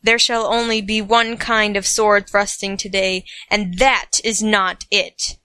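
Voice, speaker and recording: A woman's voice: mid-range voice, level tone, slow, sharp tone, smooth, dry recording. A woman voicing a brash, defiant young prince in a comic storybook reading.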